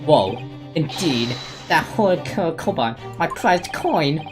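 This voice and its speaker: A woman's voice: animated, slow. A woman putting on a pompous old man witness. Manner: archaic formal phrasing, lowered voice. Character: eccentric old male treasure-hunting witness. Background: game music.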